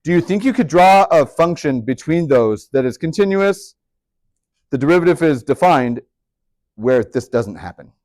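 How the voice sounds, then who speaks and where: A man teaching a high school math class, chatty and upbeat, with joking asides to his students. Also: expressive, moderate pace, darkish tone, no echo, clean studio sound. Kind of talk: classroom lecture.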